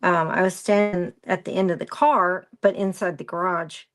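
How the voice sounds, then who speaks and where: A woman's voice: fairly low pitch, fairly even intonation, moderate pace. A woman presenting a craft live stream, rambling through a story and greeting viewers by name as she works. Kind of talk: casual chat while crafting.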